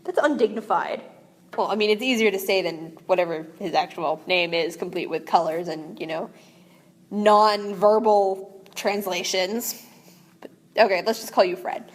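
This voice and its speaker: A woman's voice: medium pitch, normal speed. Young woman rambling between read passages. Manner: rambling, giggly asides. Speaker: amateur audiobook reader. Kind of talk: reading aloud with casual commentary. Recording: echoey room with long reverb.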